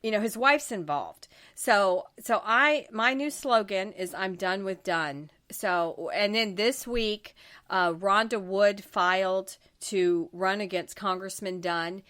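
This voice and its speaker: A woman's voice: mid-range voice, measured pace, fairly bright tone. Emphatic, exasperated middle-aged woman host. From Florida Panhandle, US. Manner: emphatic, exasperated ranting with frequent restarts. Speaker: talk show host. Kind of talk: political talk show chat.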